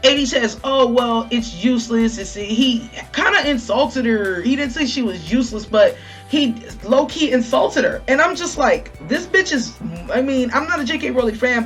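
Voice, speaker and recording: A woman hosting her channel, delivering a heated, profane, sarcastic rant as casual commentary. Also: high-pitched. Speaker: channel host. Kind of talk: ranting commentary.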